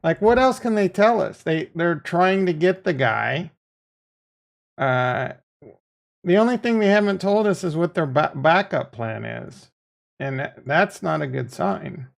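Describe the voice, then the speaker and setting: Man, crypto livestream host, gravelly voice, loose profane rambling, chatting with viewers. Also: a little high, animated, unhurried. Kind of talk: casual livestream chat reading viewer comments.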